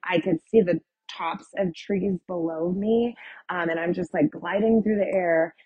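A woman's voice: fairly low pitch, unhurried, darkish tone, husky, no room sound, muffled recording. A woman guest telling her personal testimony in a vivid retelling full of "like" and "um". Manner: vivid retelling, with many "like" and "um" fillers.

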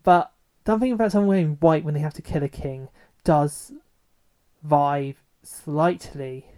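A man with a warm, mellow voice co-hosts a podcast in casual chat. He is enthusiastic and likes to tease. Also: a little high, a little slow. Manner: enthusiastic and teasing. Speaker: podcast co-host.

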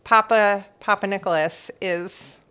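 A woman's voice: medium pitch, steady tone, unhurried, pushed and bright, clear, resonant tone. A woman co-hosting a casual podcast, making wry teasing remarks. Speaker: podcast co-host. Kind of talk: casual chat.

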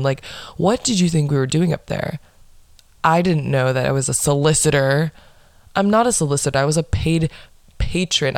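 Blunt, sarcastic young woman with vocal fry. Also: sits low, a little mellow, no echo, studio quality. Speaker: podcast host. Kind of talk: casual storytelling monologue.

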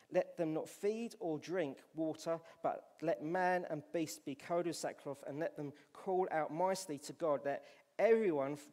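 A man with a Scottish accent preaching a sermon in church, reading scripture aloud and swinging from loud to hushed. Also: a little high, big-room sound. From Scotland.

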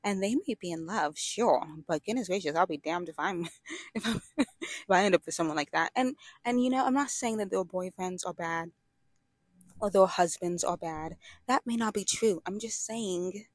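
A woman's voice: lowish voice, normal speed, no echo. A young woman giving a sassy, dramatic, rambling monologue to camera, full of asides and laughs. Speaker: vlogger. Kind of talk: casual opinionated monologue.

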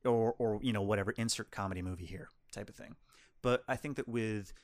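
A man's voice: fairly low pitch, a little fast. A man co-hosting a film review podcast, chatting casually and rambling through anecdotes. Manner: rambling storyteller, lively and chatty. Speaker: podcast co-host reviewing films. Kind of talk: casual chat.

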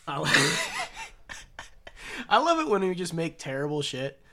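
A man rambles through jokes with a high-ish, bright, forceful voice. His pitch bounces all over as he riffs. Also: big pitch swings, slow, a little hiss or hum. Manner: rambling, jokey, bursts into loud shouted impressions. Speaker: podcast co-host. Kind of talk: casual gaming chat and comedy riffing.

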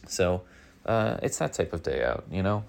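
A man with an extremely deep, gravelly voice hosts a daily news monologue. He meanders in a deadpan way, full of fillers and asides. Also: moderate pace. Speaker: daily news podcast host. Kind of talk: rambling comedic monologue.

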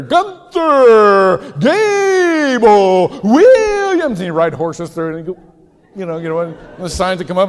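A man from Ohio preaching a sermon in a casual, storytelling way, with occasional loud shouted impressions. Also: fairly high pitch. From Ohio, USA. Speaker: pastor. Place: large church sanctuary. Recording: church hall reverb.

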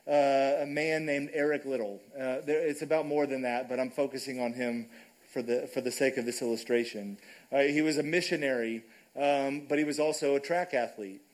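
Guy preaching a sermon, kinda higher voice, chatty, keeps asking right?. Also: fairly even intonation, moderate pace, a little mellow, rough recording. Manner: conversational, frequent "right?" asides. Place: church sanctuary.

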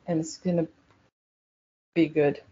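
A woman's voice: low voice, flat delivery, a little slow, warm tone, husky. A woman guesting on a podcast, chatting casually and supportively. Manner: supportive, encouraging. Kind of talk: casual chat. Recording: dull lo-fi sound with faint noise.

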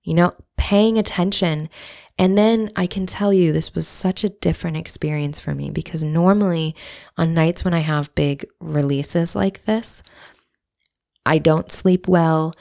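Low-voiced woman telling a candid personal story. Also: a little slow, vocal fry, warm tone. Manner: candid, reflective, swears casually.

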